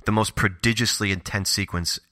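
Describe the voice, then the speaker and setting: A man co-hosting a podcast, gushing with animated storytelling in casual horror movie chat. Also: lowish voice, fairly quick, dry recording, clean studio sound. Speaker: podcast co-host.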